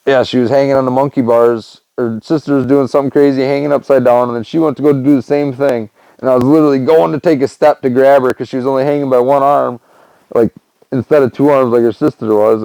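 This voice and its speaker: A young man with a gravelly, creaky edge tells a long personal story as a podcast host. He rambles loosely and leans on fillers. The sound is dry and close, with no room around him. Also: mid-range voice, fairly even intonation, quick pace, mellow, dry recording, poor audio. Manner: rambling, loose, lots of "man" and "you know". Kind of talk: casual storytelling monologue.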